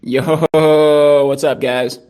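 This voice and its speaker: A man's voice: fairly high pitch, fairly even intonation, very slow, darkish tone. A man hosting a casual live voice-chat update for his studio's community, laid-back and slangy, drifting through fillers and restarts. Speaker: host of a studio community call.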